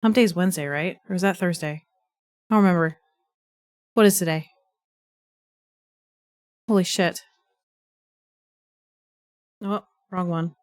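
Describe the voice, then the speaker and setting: A young woman livestreaming, telling a chaotic story in a rambling, profane, animated way, with a stuffy nose from sneezing. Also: lowish voice, measured pace, long pauses. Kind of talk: casual chat.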